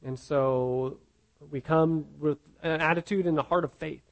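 A man's voice: fairly high pitch, fairly even intonation, a little slow. A man teaching a casual sermon-style Bible lesson to a group, conversational and repeating his words as he goes. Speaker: pastor teaching a Bible class.

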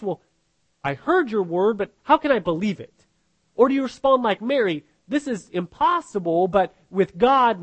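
Male pastor, high-pitched voice, chatty sermon delivery with rhetorical questions. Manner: conversational, rhetorical questions, frequent restarts. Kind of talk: sermon teaching.

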